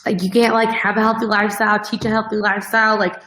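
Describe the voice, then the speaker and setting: A woman's voice: medium pitch, flat delivery, quick pace, fairly bright tone, poor audio. A woman hosting a fitness coaching show, talking casually and earnestly to her followers, emotional and close to tears, with many fillers. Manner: earnest, heavy use of "like" as filler. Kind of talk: casual heartfelt talk to followers.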